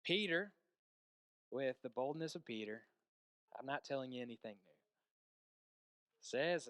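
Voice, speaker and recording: A man preaching a sermon, telling a story with hushed stretches and emphatic peaks and asking the congregation questions. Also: medium pitch, animated, measured pace, pauses often, clear, resonant tone, no room sound.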